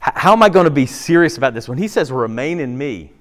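A man preaching a casual, conversational sermon. He keeps checking in with the congregation and swings between loud emphasis and soft, low asides. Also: lively intonation, fast. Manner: conversational, with frequent fillers and rhetorical checks. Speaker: pastor.

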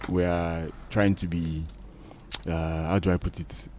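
A man co-hosting a casual podcast, teasing and playful, pausing with fillers as he searches for words. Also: low voice, flat delivery, a little mellow, slight background noise. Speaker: podcast co-host. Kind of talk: casual banter.

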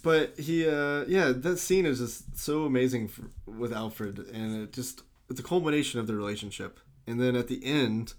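Animated man recapping a movie. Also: medium pitch, moderate pace, hardly any pauses. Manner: animated, laughing, acts out movie lines in loose impressions. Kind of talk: casual movie discussion.

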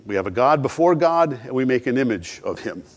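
A man's voice: mid-range voice, very animated, brisk. A middle-aged man preaching a sermon, earnest, asking rhetorical questions and acting out quoted dialogue. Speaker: pastor.

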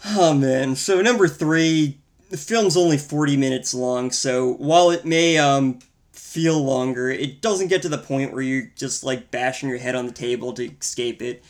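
A man's voice: mid-range voice, moderate pace. A man co-hosting a casual film-review podcast, talking in a wry, rambling, profane way. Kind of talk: casual chat.

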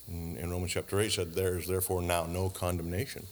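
A man's voice: low-pitched, flat delivery, fast, few pauses, big-room sound, a little hiss or hum. A man preaching a sermon, asking the congregation questions and adding dry asides. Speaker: pastor.

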